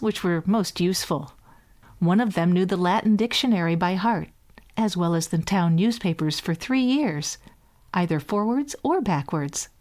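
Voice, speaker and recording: A woman reading a fairy tale aloud as a bedtime story, in a measured, gentle way. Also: lowish voice.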